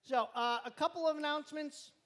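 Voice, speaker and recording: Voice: sits high, a little fast, fairly bright tone. Chatty youth group leader joking with kids. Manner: chatty, rambling, joking, talks while chewing. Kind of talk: casual live-stream announcements to a youth group. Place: church youth room with students present.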